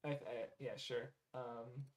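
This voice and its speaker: His voice is mid-range and level, with vocal fry, and his pace is slow. Reading viewer recommendations on stream, the man rambles casually with many "um"s and "like"s, corrects himself partway through sentences, and drops the odd swear word.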